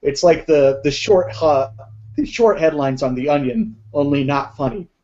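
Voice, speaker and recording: A man with a slightly higher voice gives critical takes on a podcast. He pads his speech with fillers. The recording is muffled and lo-fi. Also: moderate pace, a little mellow. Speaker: podcast panelist. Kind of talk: casual chat. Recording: dull lo-fi podcast audio.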